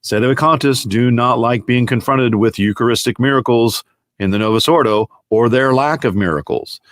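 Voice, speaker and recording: A man in a played clip, calmly arguing his position in a matter-of-fact way. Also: mid-range voice, moderate pace, dry recording, clean studio sound. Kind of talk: argumentative explanation.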